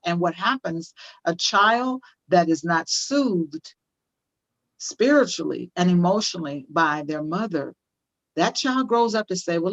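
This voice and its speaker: A woman's voice: on the low side, dull audio. An older woman speaking as an interview guest on parenting, emphatic and repeating phrases for stress. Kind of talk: conversational interview, teaching tone.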